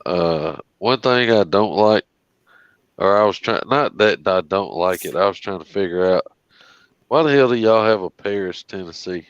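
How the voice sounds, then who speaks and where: Low-voiced blunt man, dull dry sound. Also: moderate pace, clear, resonant tone, no echo. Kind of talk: casual chat.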